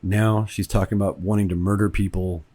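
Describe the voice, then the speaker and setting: A man's voice: low voice, level tone, a little fast, mellow. A man from Kentucky, a film director, talking through his movie in a rambling, conversational commentary. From Kentucky, United States. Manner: rambling, conversational, repeats words as he thinks.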